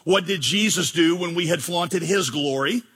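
Sex: male. Role: pastor. Style: sermon. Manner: emphatic, joking, asks rhetorical questions. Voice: high and bright. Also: moderate pace, husky.

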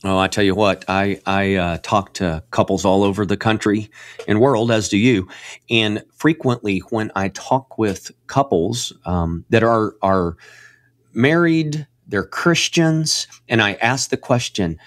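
A low-voiced man talks about faith as a radio guest, earnest and preacherly. He restarts and repeats words as he goes and climbs to emphatic highs when stirred. The studio sound is dry and close. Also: measured pace, no room sound. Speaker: guest speaker on Christian faith. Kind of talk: conversational radio interview.

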